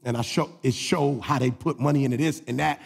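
Man, pastor. Gravelly, husky sermon voice, swings from shouted preaching to quiet asides, long hall reverb. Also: medium pitch, steady tone, fairly quick.

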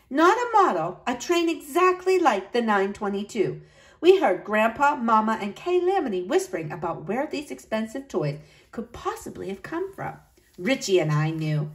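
A woman reading a children's Christmas story aloud, with lively delivery and high excited lines for the children. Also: rough recording. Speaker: storybook narrator. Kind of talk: storybook read-aloud narration.

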